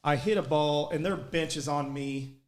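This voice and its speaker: Animated, profane man telling stories. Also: fairly high pitch, moderate pace. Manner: profane, animated, shouts when quoting his coach. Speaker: podcast co-host. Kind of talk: casual storytelling chat.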